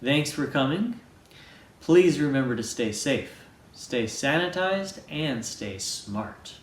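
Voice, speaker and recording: A man reading a children's picture book aloud, slow and playful, doing voices as he goes. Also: roomy sound. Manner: slow, expressive, playful read-aloud with lively pitch. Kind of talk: storybook read-aloud with voices.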